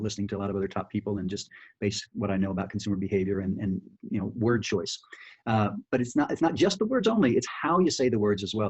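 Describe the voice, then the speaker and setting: Brief: quick, chatty male sales trainer, slightly husky voice, dull lo-fi audio from a video call. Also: on the low side, darkish tone. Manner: fast, chatty, full of restarts and "right?" checks. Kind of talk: screen-share sales training.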